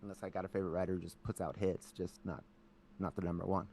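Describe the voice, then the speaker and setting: A man co-hosting a podcast in casual chat, telling animated stories with lots of "like" and acting out his family. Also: deep voice, quick pace, creaky, husky. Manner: animated storyteller, lots of "like", acts out family members. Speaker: podcast co-host.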